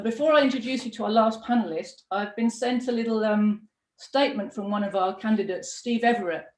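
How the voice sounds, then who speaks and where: A woman's voice: mid-range voice, darkish tone. A middle-aged woman hosting a political broadcast, talking in a passionate, emphatic, conversational way. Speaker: party deputy leader hosting a live broadcast. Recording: echoey room.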